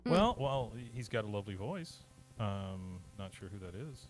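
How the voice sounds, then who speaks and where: A laid-back man chatting casually as a podcast host, his voice on the low side. He jokes around and laughs easily. Music plays clearly behind him. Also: big pitch swings, moderate pace. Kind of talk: casual chat.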